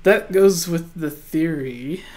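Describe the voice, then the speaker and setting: A man from Canada hosting a casual gaming podcast, relaxed and laughing often as he reads listener questions. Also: fairly high pitch, takes it slowly. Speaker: podcast host.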